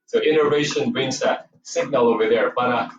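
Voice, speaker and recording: A yoga and movement instructor with a Filipino Cebuano accent leads a class in a dance studio, cueing breathing, counting and encouraging students. His mid-range voice is a little fast, and the recording is roomy, muffled and taken far from the mic.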